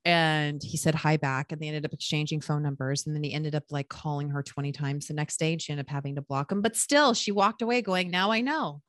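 A woman in her thirties hosting a casual solo podcast, chatty and quick to laugh at herself with lively asides. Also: deep voice, no room sound, studio quality. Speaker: podcast host giving dating advice.

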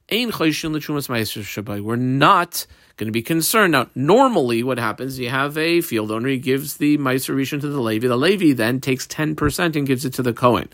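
A man's voice: mid-range voice, a bit bright, dry recording, clean studio sound. A man teaching a text study class, reading each term aloud and then explaining it in plain words, step by step. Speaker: Talmud teacher.

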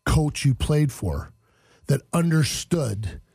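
A man's voice: fairly high pitch, big pitch swings, takes it slowly, creaky, darkish tone, breathy edge, no echo, studio quality. A man hosting a sports panel, asking the analysts questions and passing on stories. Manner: asks questions, relays stories. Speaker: host.

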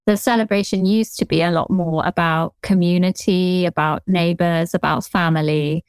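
A woman with a southern English accent, a historian guest answering interview questions in an articulate, measured, lightly amused way. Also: on the low side, fairly even intonation, smooth, dry recording. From England.

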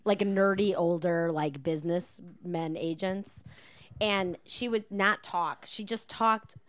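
A woman's voice: lowish voice, takes it slowly, dry recording. A woman telling stories in casual podcast chat, often acting out the people in them. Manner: animated storyteller who acts out customers.

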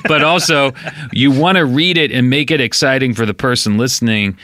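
A man in casual comedic chat, speaking in a slow, dull monotone with many fillers and restarts. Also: medium pitch, no room sound, clean studio sound. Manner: halting, full of fillers.

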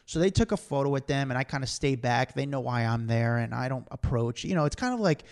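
A man's voice: medium pitch, fast, gravelly, few pauses. A man co-hosting a podcast, telling rambling, slangy stories in casual chat. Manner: rambling, animated storyteller, slangy. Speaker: podcast co-host, celebrity street interviewer.

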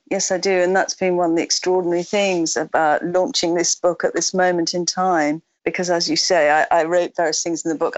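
A woman's voice: on the low side, no room sound. A woman author answering interview questions in a reflective way, often restarting her sentences. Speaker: author guest.

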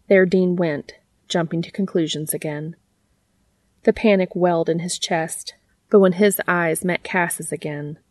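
Woman narrator, reading a story, low voice, even, dry close recording. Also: dry recording. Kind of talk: reading fan fiction aloud.

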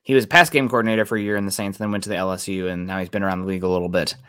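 A man co-hosting a casual sports talk show, chatting briskly and reading out listener comments. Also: deep voice, fairly even intonation, bright, forceful tone, clean tone, dry recording, clean studio sound. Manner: brisk, reads out chat messages.

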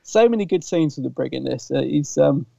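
A man's voice: a little high, expressive, brisk, gravelly, dark tone, dry recording, muffled recording. A man co-hosting a podcast, chatting casually and enthusiastically, rambling with frequent restarts. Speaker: podcast co-host. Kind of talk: casual fan chat.

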